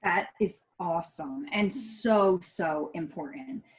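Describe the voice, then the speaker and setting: A woman's voice: fairly low pitch, slow pace, low-quality recording. A middle-aged woman, a podcast guest, chatting casually and acting out family moments as she tells her story. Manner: animated storyteller, acts out family dialogue.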